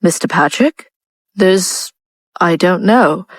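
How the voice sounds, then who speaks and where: A woman reading an audiobook, voicing a polite, halting household butler. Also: lowish voice, expressive, dry recording. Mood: hesitant polite. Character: anxious older butler, polite and hesitant.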